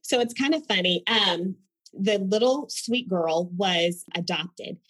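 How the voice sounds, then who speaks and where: A woman from Oklahoma, a mother of school-age sons, telling personal stories in an animated, expressive way as a guest in a conversation. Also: medium pitch, takes it slowly, breathy edge, dry recording, low-quality recording. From Tulsa, Oklahoma, US. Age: adult mother of school-age sons. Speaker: podcast guest.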